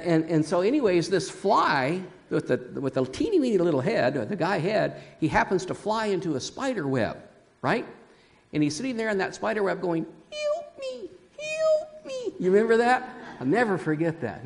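A man's voice: a little high, big pitch swings, moderate pace, vocal fry, in a large hall. A man preaching a sermon to his church, telling a folksy story and chuckling often. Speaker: pastor. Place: church sanctuary.

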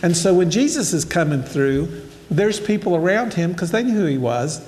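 This older man's casual sermon moves from scripture reading into conversational, story-driven explanation, with direct address to those listening. His high-pitched voice has a sing-song, slightly mellow quality at normal speed, and the hall echoes.

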